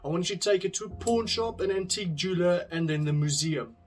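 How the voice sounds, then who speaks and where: A man voicing a wise, wealthy father in a spoken parable, giving calm, patient instructions. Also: high voice, quick pace, soft background music, lightly acted. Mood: instructing.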